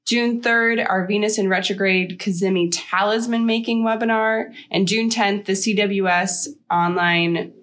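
A woman co-hosting a podcast, upbeat as she reads announcements and listener mail, her voice husky with a slight sore throat. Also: medium pitch, fairly even intonation, measured pace, few pauses, fairly bright tone. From Chicago area. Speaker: podcast co-host. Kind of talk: casual podcast chat.

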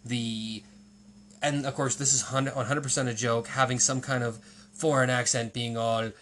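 A man talks in a loose, rambling way, wandering off into side stories and filling pauses with "uh" and "like." A faint hiss of background noise sits under his voice. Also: medium pitch, little pitch movement, fairly bright tone. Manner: rambling, digressive storytelling with many fillers. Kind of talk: casual conversational chat.

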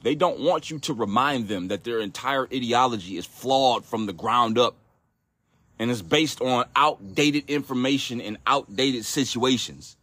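A man's voice: medium pitch, no echo. A man hosting a solo podcast, ranting in a profane, exasperated way with frequent restarts. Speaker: podcast host.

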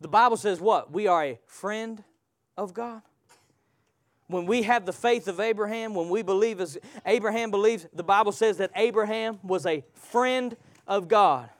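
A man with a strikingly high voice preaches with fervor, calling out questions for the congregation to answer. He rises to loud peaks, then drops to near-whispered passages. The sound is dry and close, with no room echo. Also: normal speed. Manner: impassioned, swings from loud to hushed, asks the congregation questions. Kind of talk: live sermon with call-and-response.

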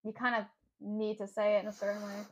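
A woman's voice: mid-range voice, level tone, fast talker, husky. A woman co-hosting a casual podcast chat, blunt and swearing freely. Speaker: podcast co-host.

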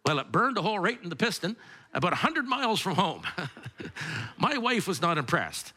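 A middle-aged male preacher whose voice rises and falls a lot. His tone is bright and forward. He stumbles and repeats words and drifts into chatty asides. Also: sits high, big pitch swings, fairly quick, husky. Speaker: pastor. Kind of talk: sermon with opening prayer.

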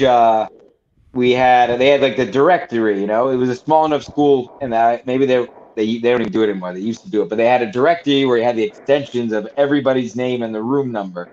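A man co-hosting a podcast, chatting casually and rambling through stories with plenty of fillers and swearing. His mid-pitched voice comes through with a slightly dull, lo-fi sound. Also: darkish tone. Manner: rambling storyteller with many fillers and restarts, swearing. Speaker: podcast co-host. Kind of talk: casual chat.

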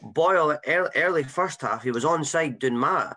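A Scottish man on a podcast, retelling match moments in a hesitant, lively way. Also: fairly high pitch, normal speed. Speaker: podcast co-host. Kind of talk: casual football chat.

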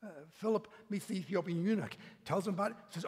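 A man preaching a sermon and leading prayer as pastor, animated and emphatic, repeating words as he builds. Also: high-pitched, quick pace, few pauses, husky, in a large hall.

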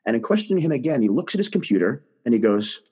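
Husky-voiced man telling a story. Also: medium pitch, quick pace. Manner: animated, emphatic storyteller. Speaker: guest. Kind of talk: casual conversation, storytelling.

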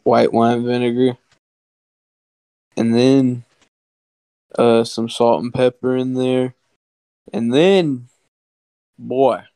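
A man co-hosting a podcast in casual chat, talking in a drawn-out, meandering way and swearing. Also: mid-range voice, warm tone, smooth, dry recording. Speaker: podcast co-host. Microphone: studio mic, no camera.

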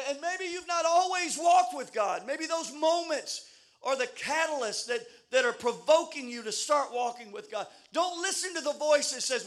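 Male pastor, fervent sermon delivery, very high pitched and bright, shouting and out of breath. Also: animated, normal speed. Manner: shouting, fervent preaching with call-and-response build-ups. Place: church service on a stage.

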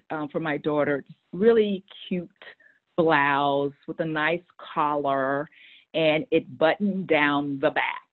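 A middle-aged woman with a deep voice, a guest on a show, tells a family story conversationally and with animated energy. She frequently stumbles on the opening words of her sentences, repeating them before going on. Her voice comes through a thin, phone-like line.

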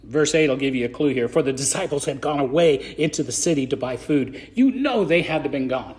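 A man's voice: mid-range voice, animated, brisk, a little mellow. A man preaching a conversational sermon on a podcast, acting out scripture scenes in voices.

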